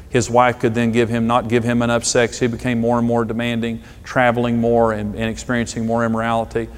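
Middle-aged male pastor, mid-pitched, preaching emphatically and telling stories, in a large echoing hall. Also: clear, resonant tone. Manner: emphatic preaching, storytelling with dramatic pauses. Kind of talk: sermon. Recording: long hall reverb.

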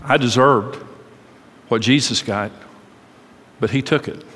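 A middle-aged male pastor preaches with passion, stacking short, emphatic phrases. His voice is bright and sharp. It carries the long echo of a large church hall. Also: mid-range voice, slow, breathy edge. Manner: impassioned and repetitive, with rhythmic emphatic phrasing. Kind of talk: sermon.

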